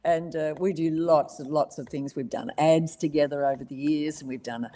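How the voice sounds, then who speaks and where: A woman in her seventies with an Australian accent, a voice actress telling lively stories in a casual interview and laughing often. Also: low voice, normal speed. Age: 70s. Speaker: voice actress guest.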